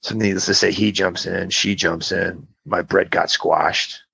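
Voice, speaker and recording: A man's voice: low-pitched, measured pace, dry recording. A man co-hosting a podcast, telling a long story in casual chat and acting out the voices of the people in it. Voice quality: gravelly, husky. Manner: animated storyteller, acts out quoted voices, swears. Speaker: podcast co-host.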